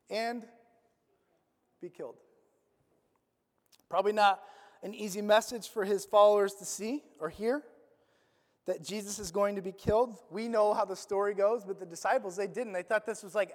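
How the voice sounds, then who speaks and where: A pastor preaching a sermon in a casual, conversational way, using slang and asking the crowd questions, swinging between loud emphasis and near-murmured lines. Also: medium pitch. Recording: long echo of a large hall.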